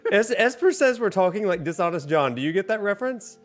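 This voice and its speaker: A man's voice: high-pitched, animated, fast, soft background music. A man hosting a casual livestream from home, joking, laughing often and chatting directly to his viewers. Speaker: livestream host.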